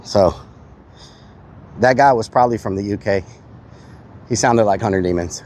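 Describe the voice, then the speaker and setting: A man's voice: fairly low pitch, normal speed. Male IRL streamer, goofy street banter, outdoor, light traffic bed. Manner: goofy, loud fake-foreign shouting at passersby.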